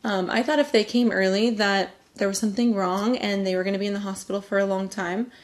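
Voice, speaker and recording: A young woman from California talking casually to camera, giving candid, chatty advice with lively emphasis. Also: mid-range voice, fast talker. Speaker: vlogger.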